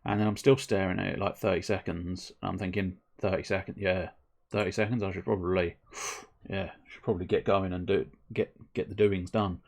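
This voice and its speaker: A man's voice: low voice, little pitch movement, moderate pace, gravelly. Rambling man streaming a game. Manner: rambling, self-mocking, breaks into silly voices. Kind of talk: casual live game commentary.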